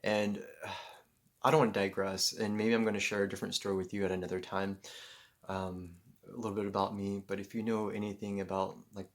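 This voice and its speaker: A man telling a personal story in a casual, rambling way, full of fillers and loud acted-out exclamations. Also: fairly low pitch. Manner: acts out moments with loud shouted exclamations.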